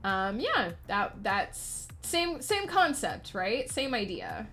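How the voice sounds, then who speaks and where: A woman streamer chats unhurriedly as she works, her talk wandering from one thought to the next. She laughs often and lets her sentences trail off. Quiet music sits faintly behind her. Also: mid-range voice, big pitch swings, takes it slowly. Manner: rambling, chatty, laughs often. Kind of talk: casual chat while writing on stream.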